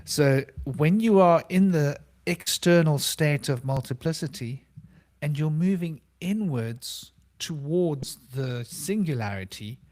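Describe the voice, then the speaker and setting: A man hosting a relaxed online panel over a video call. He muses at length on abstract ideas, circling back and repeating his phrases as he thinks aloud. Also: a little high, slow pace. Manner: rambling, musing, repeats phrases. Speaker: round table host. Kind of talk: casual philosophical monologue.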